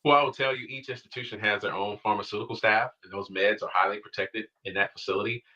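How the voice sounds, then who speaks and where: Deep-voiced man in a dull news clip. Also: steady tone, bright, forceful tone. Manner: measured, explanatory, many fillers. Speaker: former prison official interviewed on news. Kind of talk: news interview.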